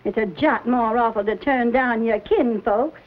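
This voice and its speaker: An actress playing a stern older frontier mother in a 1950s TV western, sharp and scolding in a rustic way. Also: on the high side, measured pace, lightly acted. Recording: tinny, lo-fi 1950s TV soundtrack.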